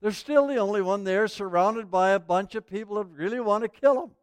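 High, clear-voiced man preaching. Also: brisk, dry recording. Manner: animated storytelling preacher. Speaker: pastor. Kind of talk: sermon.

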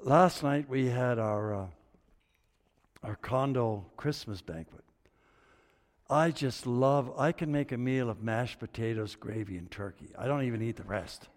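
A man, older, preaching a sermon with a personal story, dropping to low murmurs and rising to loud excited bursts. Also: unhurried. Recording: long reverb of a hall.

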